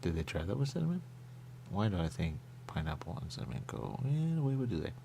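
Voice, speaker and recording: With a low, gravelly, dark-toned voice that swings widely in pitch, a brisk radio host chats casually while trying pastries. He's playful and rambling, skipping from thought to thought, with slight background noise behind him.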